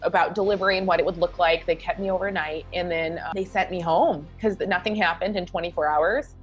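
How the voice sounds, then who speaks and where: Low-pitched woman, guest on an interview, earnest, halting, lots of fillers. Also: fairly even intonation, highs cut off, soft background music. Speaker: guest psychologist. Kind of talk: personal storytelling in an interview.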